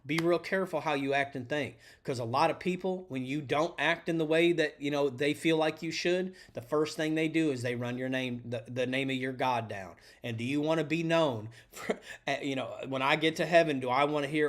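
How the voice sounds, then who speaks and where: Guy coaching tradespeople, preachy and direct, voice on the higher side. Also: fairly even intonation, brisk. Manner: earnest, preachy, direct, addresses listener as friend. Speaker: podcast host and electrician coach. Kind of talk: motivational talk to tradespeople.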